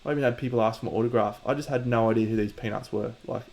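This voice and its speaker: A man's voice: fairly low pitch, fairly even intonation, fast, a little mellow. A man with an Australian accent, casually chatting to viewers on his stream while painting, joking and mock-boastful, swearing freely.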